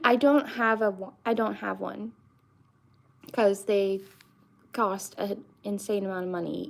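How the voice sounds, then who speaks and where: A young woman with a soft lilt talks to her live-stream audience at an unhurried pace. Her voice carries a gravelly fry, and she rambles through her stories with plenty of "like" and "um.". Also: mid-range voice. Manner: rambling, many fillers and restarts. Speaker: streamer chatting with viewers. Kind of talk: casual live-stream chat.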